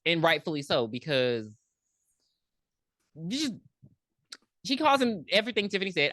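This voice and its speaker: A low-pitched woman recaps a movie for her co-host in loose, casual podcast chat. Her pitch swings widely as she acts out the characters' lines and swears freely. The recording sounds dry and close. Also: sing-song, fairly quick, pauses often, a bit bright, dry recording.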